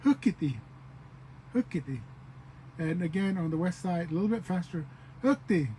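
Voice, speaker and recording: In a casual language lesson, a male teacher repeats each word slowly several times and acts out short example phrases. His voice is high with a dark tone, and the low-quality recording has slight background noise.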